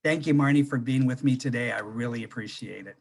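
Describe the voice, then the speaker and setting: A man's voice: medium pitch, brisk, vocal fry, breathy edge. Friendly man hosting an interview. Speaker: host.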